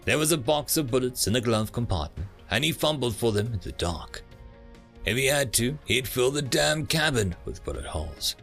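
A man narrating a thriller audiobook in a dramatic, low-voiced storytelling manner. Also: animated, moderate pace, creaky, fairly bright tone, faint music behind.

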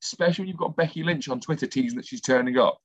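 A chatty man co-hosting a talk show, telling stories with plenty of enthusiasm. His voice is middle-pitched. The recording is dry and slightly muffled. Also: rapid-fire, dry recording. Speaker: co-host, former athlete. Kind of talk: casual chat. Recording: dry, slightly dull sound.

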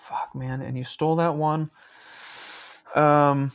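A young man co-hosting a casual podcast, joking around and getting excited with his friend. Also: on the high side, slow, creaky. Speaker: podcast co-host. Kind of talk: casual chat.

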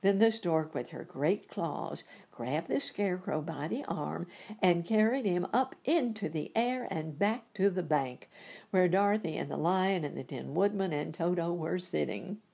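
A woman reading a children's storybook aloud, gentle and unhurried. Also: fairly low pitch, animated, vocal fry. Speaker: reader. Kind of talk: storybook narration.

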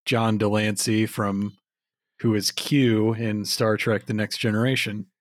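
A man chatting casually on a film podcast, making relaxed, offhand asides. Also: fairly low pitch, measured pace, no room sound, studio quality.

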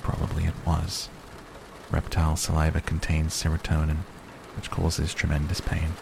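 A man voicing a calm, bearded American field biologist with a soft Southern accent. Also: very deep voice, normal speed, vocal fry. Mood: calm explaining. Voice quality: soft-spoken, explanatory. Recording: noisy recording.

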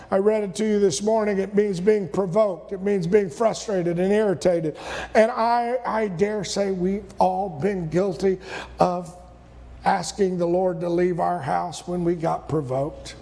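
High-voiced gravelly preacher in a reverberant church. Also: male voice, fairly even intonation, a little slow, dark tone. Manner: repetitive, folksy preaching that rises to emphatic peaks. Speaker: pastor. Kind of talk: sermon. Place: church sanctuary. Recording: long reverb of a church sanctuary.

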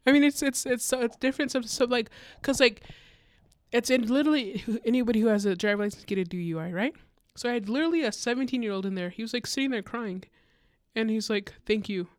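Woman guest, casual storyteller, clear dry close-mic sound, animated with quoted dialogue. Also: fairly high pitch, fast, no echo. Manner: animated, acts out quotes with many fillers. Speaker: guest speaker.

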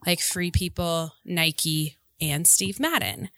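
Bright-voiced chatty woman. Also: fairly low pitch, slow pace, creaky, dry recording. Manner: chatty, laughs easily, digresses. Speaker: podcast co-host. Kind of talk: casual chat.

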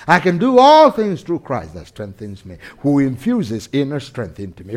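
Lively man preaching a sermon. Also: fairly high pitch, normal speed, hardly any pauses. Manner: animated, swings from loud shouts to quiet intensity; laughs between lines. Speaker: pastor.

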